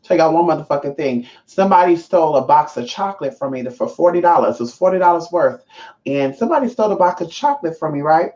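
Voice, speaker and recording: A woman vlogger spins a story straight to camera, loose and profane, forever calling her viewers y'all. Her pitch leaps up whenever she hits a point. The sound is a little dull and lo-fi. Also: fast talker. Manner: profane, chatty, keeps addressing viewers as y'all; animated, pitch jumps up for emphasis.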